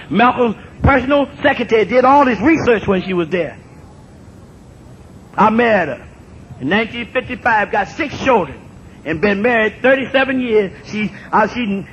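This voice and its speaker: An older man in his sixties addresses an audience in a strikingly high voice. He talks emphatically, repeats his phrases and rises to shouts. The recording is dull and lo-fi, with a faint rumble underneath. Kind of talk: impassioned public talk.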